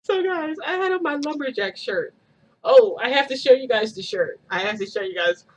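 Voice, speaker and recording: A woman's voice: high voice, lively intonation, normal speed. Giggly, gushing woman vlogger. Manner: giggly, gushing, addresses viewers as "guys". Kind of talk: chatty storytelling to viewers.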